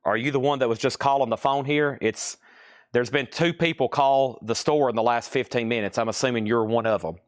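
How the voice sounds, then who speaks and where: A man's voice: medium pitch, no room sound, studio quality. Chatty man hosting a live sale. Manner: chatty, teasing, reading prices quickly. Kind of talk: casual live-stream selling. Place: store.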